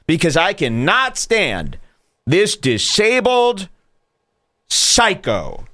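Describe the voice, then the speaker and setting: A man's voice: medium pitch, bright, forceful tone, clear, resonant tone. A man hosting a podcast, mocking clips he plays in a crude, rambling way. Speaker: podcast host. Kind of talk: casual commentary over clips.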